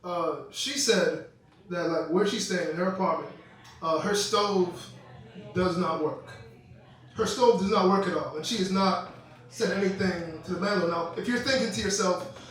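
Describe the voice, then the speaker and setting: A man's voice: high-pitched, normal speed, a bit bright, very echoey, far from the mic, rough recording. A young man performing a stand-up comedy set, telling stories with quoted voices and laughing asides on a club stage.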